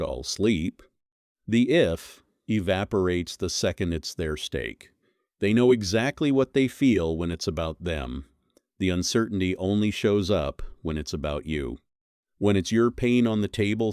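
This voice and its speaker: A man's voice: sits low, a little mellow, no room sound, clean studio sound. A man delivering a scripted commentary monologue, blunt and scornful, leaning hard on single words. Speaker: commentary host.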